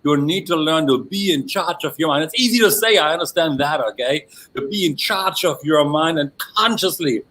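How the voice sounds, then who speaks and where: Animated German-accented man, high voice. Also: normal speed, hardly any pauses, a little hiss or hum, low-quality recording. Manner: animated, repeats filler phrase "along that line". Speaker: NLP trainer and coach. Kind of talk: workshop presentation.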